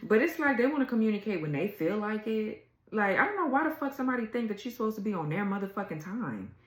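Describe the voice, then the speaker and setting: A woman's voice: mid-range voice, big pitch swings, quick pace, roomy sound, low-quality recording. A woman doing a casual tarot reading, blunt and exasperated, swearing freely as she reads the cards. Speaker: tarot reader.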